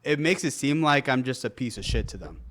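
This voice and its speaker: A young man co-hosting a podcast, talking casually, animated and often laughing, mimicking rude tones. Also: medium pitch, fairly quick. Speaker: podcast co-host.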